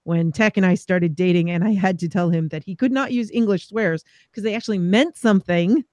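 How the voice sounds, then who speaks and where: A man hosting a podcast, reflecting thoughtfully in a relaxed chat. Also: high voice, brisk, no echo. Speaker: podcast host. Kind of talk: casual chat.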